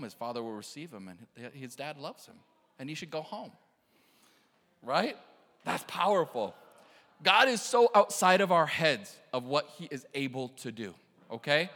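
A man preaching an animated sermon, telling stories, acting out quotes and laughing often. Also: on the high side, big-room sound. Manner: excitable, laughing, acts out quotes. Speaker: pastor.

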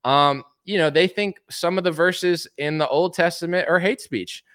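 A man's voice: a little high, moderate pace, a bit bright, no room sound, clean studio sound. A man hosting a casual opinion commentary, talking bluntly and asking one rhetorical question after another. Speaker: commentary show host.

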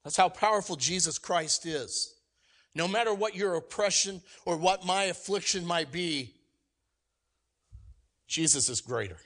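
A man preaching a sermon, energetic and emphatic, swinging from loud exclamations to quiet asides and acting out quoted lines. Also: high-pitched, unhurried, long pauses. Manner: acts out quoted voices and jokes with the congregation. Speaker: pastor.

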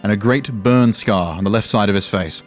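A man narrating a fantasy story in a measured, dramatic way. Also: fairly low pitch, soft background music.

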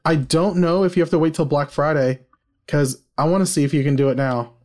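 A man co-hosting a casual podcast, excitable and jokey, laughing often. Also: fairly high pitch, a little fast. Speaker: podcast co-host. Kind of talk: casual chat.

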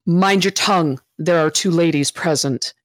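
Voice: medium pitch, moderate pace, fairly bright tone, dry recording, natural voice. A player voicing a refined woman adventurer who speaks politely and patiently, in a dry, close sound. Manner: polite, genteel.

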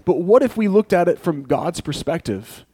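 A man preaching a sermon in a conversational, storytelling way, building to animated emphasis. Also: high-pitched, moderate pace, husky, no room sound. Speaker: pastor.

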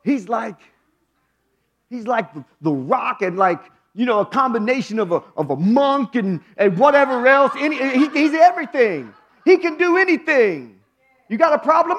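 A man preaching a sermon as pastor, moving from low hushed phrases to loud high exclamations.

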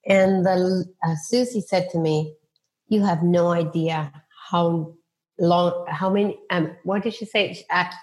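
A little slow and steady, with a fairly low pitch and a darkish tone, a middle-aged woman speaks. She's a real estate agent relating faith-centered stories in an interview, performing quoted voices amid frequent restarts.

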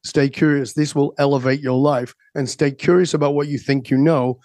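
A man's voice: mid-range voice, fairly even intonation, moderate pace, a little mellow, no room sound. A man guest on a podcast, speaking with emphatic, preachy conviction. His voice sits in an ordinary middle range and sounds close and dry, with no room around it. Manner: emphatic, rising to preachy intensity. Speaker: guest coach. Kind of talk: podcast interview.

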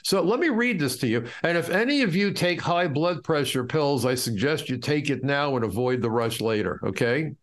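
A man's voice: a little high, animated, moderate pace, hardly any pauses. A middle-aged man from the United States, a guest in an interview, telling stories from his life in an impassioned, indignant way. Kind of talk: storytelling in an interview.

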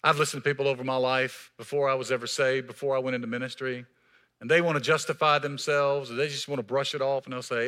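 A man preaching a sermon in a church as pastor, emphatic, swinging between raised passages and hushed, quiet lines. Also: mid-range voice, fairly even intonation, fast.

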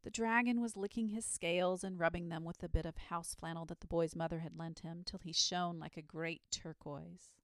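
A woman reading a children's story aloud in a calm, soothing bedtime reading. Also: lowish voice, normal speed, few pauses, dry recording, clean studio sound.

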